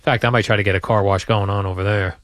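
A man co-hosting a radio show, joking and rambling in casual banter, his voice jumping up when he gets excited. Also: fairly low pitch, fast talker, slight background noise. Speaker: radio co-host. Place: radio studio.

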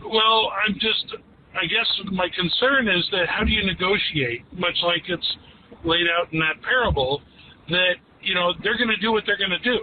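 A male radio caller talking haltingly, with many restarts. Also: high-pitched. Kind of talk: call-in radio talk. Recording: tinny phone line with road noise.

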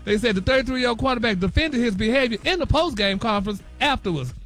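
A high-voiced man dishes celebrity gossip on a morning radio show. He is flamboyant and sassy, sprinkling "honey" and "y'all" through everything. Faint music plays under his voice. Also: animated, quick pace, a bit bright. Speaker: celebrity news host.

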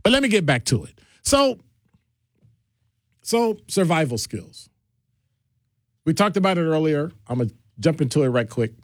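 A man hosts a radio call-in show, and his voice swings up and down with a lot of life as he moves between topics. It sits a little high for a man. The studio mic is close and dry. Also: moderate pace, pauses often, no echo. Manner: animated, jumps between topics, playful asides. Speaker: radio talk show host. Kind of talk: casual radio talk.

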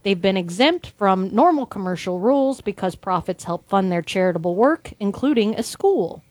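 A woman's voice: medium pitch, animated, moderate pace, a little mellow, dry recording. A woman host reading odd news stories aloud in a casual, wry way, breaking into laughs now and then.

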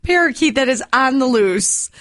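A woman's voice: high voice, expressive, normal speed, a bit bright, no echo. Giggly woman co-host, dry close voice. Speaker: radio show co-host. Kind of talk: casual banter.

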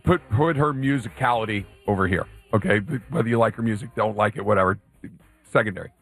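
A man's voice: lowish voice, quick pace, creaky, fairly bright tone, faint music behind. A man co-hosting a casual sports talk show, emphatic and jokey, often repeating words.

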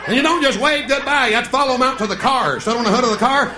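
A man's voice: very high voice, rapid-fire, noisy background. A man in his thirties with a Southern US accent doing folksy live stand-up comedy. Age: 30s. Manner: folksy storytelling, drawling. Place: comedy stage before a live audience. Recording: echoey live stage with crowd laughter.

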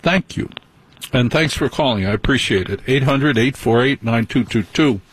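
A man hosting a late-night call-in radio show, chatty and teasing, quick to jump in. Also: mid-range voice, lively intonation, slight background noise. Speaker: radio host.

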